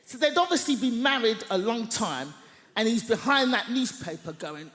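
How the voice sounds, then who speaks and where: A woman doing stand-up comedy, telling a story in an animated, mock-outraged way on a large theatre stage. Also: on the high side, normal speed, noisy background. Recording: echoey hall, long reverb.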